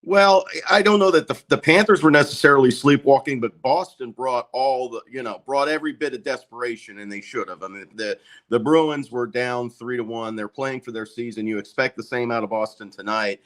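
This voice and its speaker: A man's voice: mid-range voice, fairly quick, few pauses, fairly bright tone. A man as a hockey reporter guest on a sports talk show, reassuring and easygoing, with frequent um and uh fillers. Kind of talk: casual sports talk interview.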